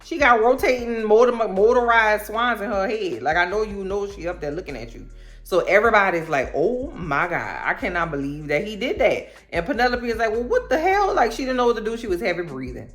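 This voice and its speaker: A woman's voice: mid-range voice, expressive, brisk, a bit bright, soft background music. A woman, chatting casually and animatedly as she recaps a TV show and acts out the characters' lines in slangy storytelling. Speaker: recap vlogger.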